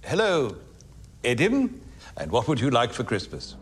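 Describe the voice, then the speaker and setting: An actor playing a jolly, patient Santa Claus taking children's calls in an ad, talking slowly and hesitantly. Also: male voice, medium pitch, wildly swooping pitch, slightly rough, exaggerated voice. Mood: friendly. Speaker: Santa in an airline ad.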